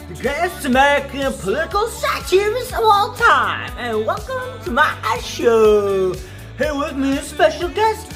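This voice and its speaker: A woman's voice: high voice, a bit bright. A woman voicing a smug, self-important female satirist who hosts a mock talk show and rants and swears. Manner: mock-grand, then ranting and swearing. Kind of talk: parody sketch. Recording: music behind the voice.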